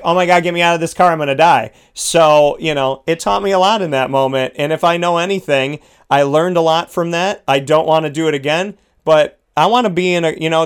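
A man co-hosting a talk show recounts a story in an easygoing, animated way. His voice is smooth and clear and sits a little high, and he bursts into acted-out shouts. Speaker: podcast co-host. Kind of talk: casual storytelling.

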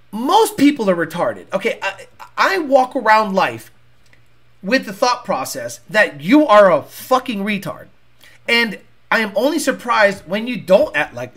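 A man's voice: high-pitched, sing-song, moderate pace, fairly bright tone. A man hosting a talk show, ranting in a blunt, profane and combative way. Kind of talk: casual rant.

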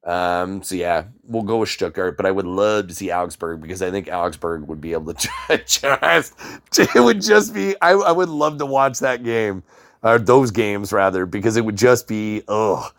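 A man's voice: on the low side, expressive, moderate pace. A man co-hosting a casual podcast chat, swearing often and thinking aloud as he weighs his picks. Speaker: podcast co-host.

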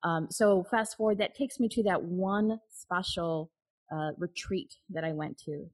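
A woman's voice: fairly low pitch, a little slow, darkish tone, poor audio. A woman guest telling a personal story in an interview, candid and open, laughing now and then. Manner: candid, with frequent restarts and nervous laughs.

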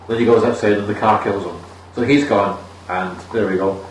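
Recorded far from the mic in an echoey room with faint ambience and a little hiss or hum, this man's voice is lowish, darkish and fairly quick. He's a Scottish podcast co-host swearing his way through a recap of a bad film while voicing its characters.

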